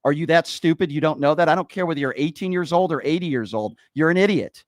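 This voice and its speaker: A man's voice: fairly high pitch, fast, dry recording. Man, call-in talk show host, combative, insulting, dry sound.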